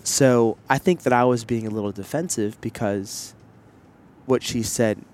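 A man's voice: mid-range voice, unhurried, darkish tone, slight background noise. Candid rambling man on a headset mic. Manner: candid, rambling storytelling with many fillers and asides. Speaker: podcast host. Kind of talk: casual chat. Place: outdoors in public, wearing headsets.

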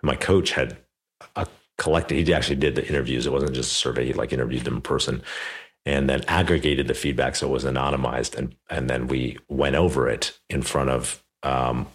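A podcast host with a very deep, slightly breathy voice tells a personal story during an interview. He's animated and casual, peppering his speech with "like" and "you know."

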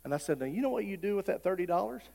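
A middle-aged male pastor, preaching a folksy sermon that swells into loud, repeated declarations. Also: high voice, animated, rapid-fire, vocal fry. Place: church sanctuary. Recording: long hall reverb.

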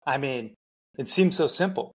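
A man's voice: medium pitch, expressive, moderate pace, husky. A man hosting a podcast, chatty and laughing often as he talks. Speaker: podcast host. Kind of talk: casual interview talk.

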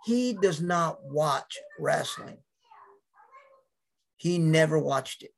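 Gravelly man telling rambling stories. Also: fairly high pitch, lively intonation, takes it slowly. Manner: rambling storyteller, acts out quotes. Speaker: podcast guest. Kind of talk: casual chat.

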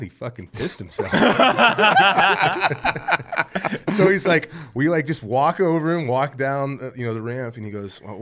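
A man's voice: mid-range voice, a little hiss or hum. A man telling a long, rambling story in casual, profane chat, laughing as he goes. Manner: rambling, profane, laughs through his stories.

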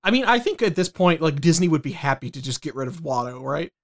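A man's voice: a little high, big pitch swings, fast talker. Loose, swearing male podcast co-host. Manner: loose, swears casually, reads news items aloud. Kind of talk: casual podcast banter.

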